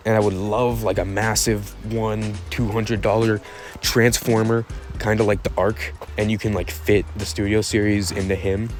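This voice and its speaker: Laid-back rambling man, low voice. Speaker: YouTube channel host. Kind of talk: casual opinion vlog.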